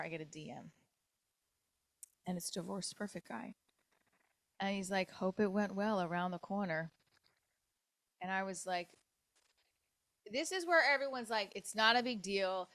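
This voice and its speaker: A middle-aged woman comedian hosting her podcast, telling a dating story in a candid, profane, animated way and acting out other people's lines. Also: fairly low pitch, dry recording. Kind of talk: casual storytelling monologue. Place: New York.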